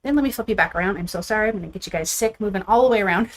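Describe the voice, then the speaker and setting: A woman's voice: medium pitch, rapid-fire. A woman hosting a live card-making stream, chatting casually and upbeat with her viewers as she shows her supplies, a little out of breath. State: a bit out of breath. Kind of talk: casual live crafting chat.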